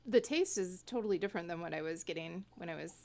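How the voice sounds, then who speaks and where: A woman's voice: on the low side, lively intonation, quick pace, gravelly, a little mellow. A woman guest in a casual wine-tasting chat, friendly and curious.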